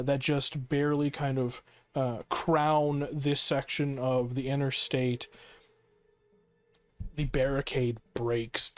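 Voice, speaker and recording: Slow, unhurried man game master. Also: mid-range voice. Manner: descriptive, many fillers. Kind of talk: narrating a tabletop game.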